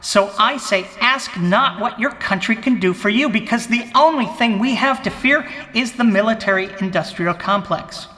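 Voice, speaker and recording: Comic bit: man impersonating a pompous president at the podium, high, bright and forceful, grand declaiming cadence, long hall reverb. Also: normal speed, hardly any pauses. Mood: grandiose. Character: pompous blustering male president giving an inaugural speech. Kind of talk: comic impression, mock political speech.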